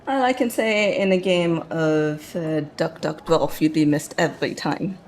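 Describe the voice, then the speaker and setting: A woman playing a tabletop game, delivering her lines in a deliberate, dry-witted manner. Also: sits low, a little mellow. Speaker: player.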